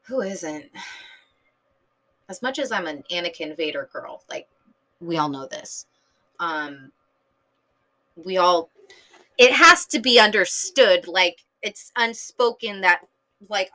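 Female fan host, tired, chatty and rambling, with a bright edge to the voice. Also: on the low side, rough recording. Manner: rambling, filler-heavy, enthusiastic fan talk. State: tired, late at night. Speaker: podcast host reviewing a TV episode. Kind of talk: casual chat.

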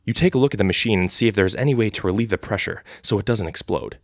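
Low-voiced man reading a story live. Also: fast, no room sound, studio quality. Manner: casual and laughing, with restarts. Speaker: storyteller and host. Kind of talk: live unrehearsed reading of an AI text adventure.

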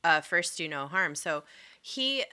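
A woman's voice: low voice, animated, slow, pushed and bright, clean tone. A woman co-hosting a casual true-crime podcast, recounting facts and swearing freely. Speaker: podcast co-host.

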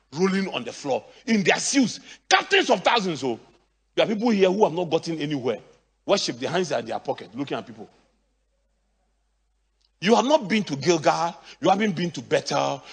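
Husky-voiced pastor man preaching, jumps from hushed bits to shouting, big churchy echo. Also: a little high. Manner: animated preaching, swings from quiet asides to shouting. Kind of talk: sermon. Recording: church hall reverb.

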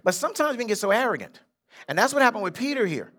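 An older man preaching a sermon in a church, his voice high and bright. He swings his pitch up and down as he acts out Bible figures in casual street talk. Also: sing-song, racing. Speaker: pastor. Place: church sanctuary.

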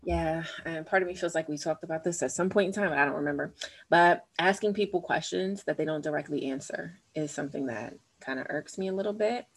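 A woman's voice: low voice, a little fast. A woman co-hosting a podcast in casual chat, thoughtful and rambling, often questioning herself. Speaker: podcast co-host.

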